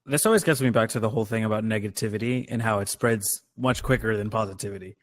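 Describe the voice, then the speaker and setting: A young man co-hosting a casual podcast chat, loose and joking, acting out reactions with mock shouts. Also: fairly low pitch, quick pace, no echo, clean studio sound. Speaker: podcast co-host.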